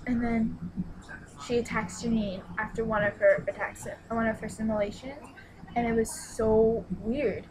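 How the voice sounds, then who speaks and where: A young woman excitedly retelling a book's plot in a casual review vlog, with lots of "like" and sudden squealed exclamations. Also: on the high side, measured pace, background noise. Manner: excitable and gushing, exclaims "What? What?"; retells the plot with many "like"s and restarts. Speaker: book reviewer.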